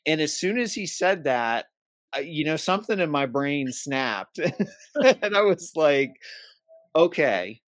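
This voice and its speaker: A man's voice: fairly high pitch, measured pace, no echo. A man co-hosting a church safety podcast, telling a personal story in casual chat and acting out what each person said. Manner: animated storyteller who acts out quoted dialogue.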